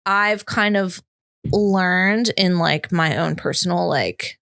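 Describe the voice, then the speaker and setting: Gravelly-voiced reflective woman. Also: fairly low pitch, slow pace, fairly bright tone. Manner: reflective, lots of "like", gets emotional. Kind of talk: casual chat.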